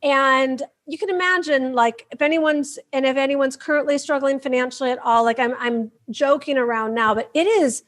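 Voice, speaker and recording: A woman from Michigan, a podcast guest telling her own story with lively energy and acting out her inner voices. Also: high voice, moderate pace, hardly any pauses. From Michigan, USA. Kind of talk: animated personal storytelling.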